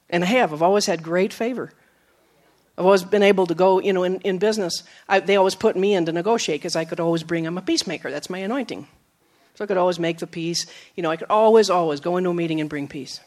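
A woman preacher giving a sermon, telling stories with acted quotes, moving from emphatic lines to soft, low asides. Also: quick pace. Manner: storytelling, with acted quotes and laughs.

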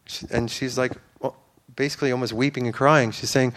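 A man's voice: medium pitch, fairly even intonation, fairly quick, hardly any pauses, a bit bright. A man giving an informal, earnest sermon to a church, rambling with fillers and restarts. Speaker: preacher.

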